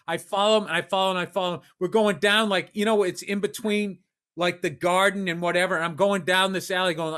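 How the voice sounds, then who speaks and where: On his podcast, a middle-aged man from Massachusetts tells a meandering story, cursing and poking fun at himself. His high voice is steady and brisk, with a pushed, bright quality.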